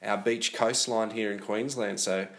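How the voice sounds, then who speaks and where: A young man speaks as a podcast guest, easygoing and quick to laugh, often restarting his sentences. He is recorded on a passed-around phone in a small bedroom. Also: on the low side. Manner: relaxed, laughs easily, frequent restarts. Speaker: church planter.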